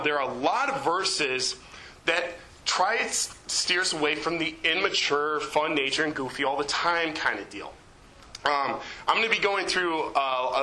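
A man in his twenties, a youth leader giving a chatty, animated sermon in a church, with lots of fillers. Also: fairly high pitch, reverberant, poor audio. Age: 20s. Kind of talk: informal sermon.

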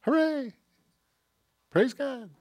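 A man's voice: very high voice, extremely slow, no echo, pitched above the performer's own voice, heavily acted. A man voicing a gloating, overjoyed male coworker who just got a raise, in a sermon. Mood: gleeful. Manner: squealing, overjoyed.

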